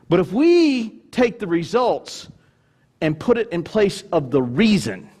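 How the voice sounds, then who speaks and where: Male pastor, high-pitched voice, emphatic sermon delivery, mocks grudging givers in low asides. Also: husky. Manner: emphatic preaching with wide swings between loud and hushed; mimics grudging churchgoers in low mocking asides.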